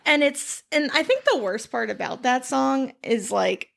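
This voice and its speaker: Podcast host, young woman, higher register, slight vocal fry, animated. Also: measured pace. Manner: animated, acts out quotes from the show. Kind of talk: casual chat.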